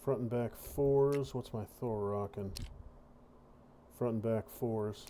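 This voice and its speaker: Guy mumbling dry jokes while he plays a shooter, mellow low-key voice, faint background noise. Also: steady tone, slow pace. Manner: wry, muttering to himself. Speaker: gaming video host. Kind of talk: casual gameplay commentary.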